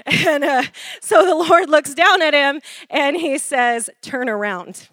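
A woman preacher delivering a lively sermon, laughing often and calling for responses from the congregation. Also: high voice, takes it slowly, no room sound.

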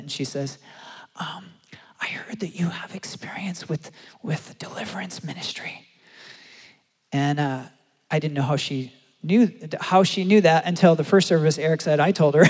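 A man preaching a sermon and telling a story, acting out the quotes with animated delivery. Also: fairly high pitch. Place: large church hall. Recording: long hall reverb.

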